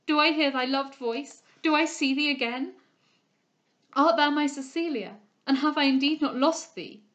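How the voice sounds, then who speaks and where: A woman reading aloud, voicing a passionate, remorseful young gentleman lover in a slow, declamatory way. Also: sits high, pitched above the performer's own voice, natural voice. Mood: impassioned.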